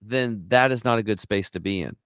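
A middle-aged man telling stories in a lively interview, acting out quotes with sudden jumps in his voice. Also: fairly quick, smooth, no room sound. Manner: animated storyteller, acts out quotes with big pitch jumps. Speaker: guest on a health talk show. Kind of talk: energetic conversational interview.

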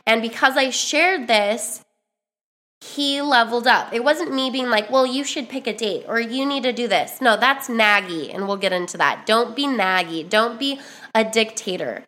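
A young woman talking casually into the camera, giving chatty, animated dating advice with lots of fillers. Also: a little high, moderate pace.

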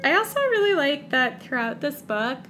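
A woman's voice: high-pitched, big pitch swings, normal speed, sharp tone, slight background noise. A woman co-hosting a podcast, making wry, dry jokes in a casual chat about a book. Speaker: podcast co-host.

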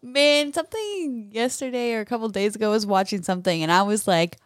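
A woman in her thirties telling stories in a casual podcast chat, animated and laughing often. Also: on the high side, a little fast, no echo, studio quality. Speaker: podcast co-host.

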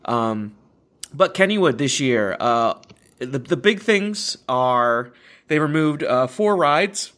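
A man's voice: medium pitch, expressive, slow pace, a bit bright. A young man, hosting a casual podcast and rambling through stories with frequent restarts and laughs. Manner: rambling, self-correcting, laughs often. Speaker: podcast host. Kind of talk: casual chat.

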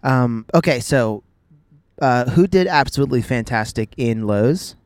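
A man's voice: mid-range voice, expressive, unhurried, no room sound. A man in his thirties, chatting casually with his wife while driving, with playful jokes and asides. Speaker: vlogger, father. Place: car.

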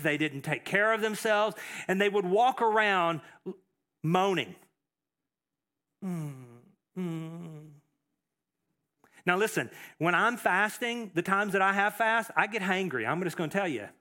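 A man's voice: high-pitched, pushed and bright. A man preaching a sermon as pastor, emphatic, repeating phrases, with fillers and restarts.

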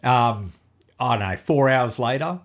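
A middle-aged man, chatting casually as a podcast guest and telling animated family stories with plenty of swearing. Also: mid-range voice, measured pace. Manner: animated storyteller, swears freely, acts out family dialogue. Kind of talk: casual chat.

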